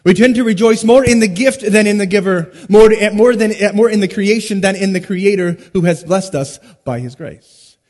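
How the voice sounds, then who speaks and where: High-voiced man preaching in a reverberant hall. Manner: emphatic, swinging between loud stresses and hushed drops; rhetorical questions and dramatic pauses. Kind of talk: expository sermon.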